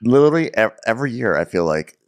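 A man's voice: medium pitch, very animated, fast talker. A man co-hosting a comedic podcast that recaps reality TV, riffing with sarcastic jokes. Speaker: podcast co-host.

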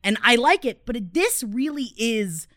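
A woman's voice: fairly high pitch, big pitch swings, normal speed, fairly bright tone, no room sound. Woman, passionate casual podcast chat, dry close sound. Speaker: podcast co-host.

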